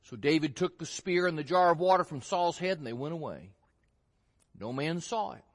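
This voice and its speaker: A man's voice: fairly high pitch, lively intonation, normal speed. A man preaching an expository sermon, reading scripture aloud and acting out the voices of the story with animation. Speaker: pastor. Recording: long hall reverb.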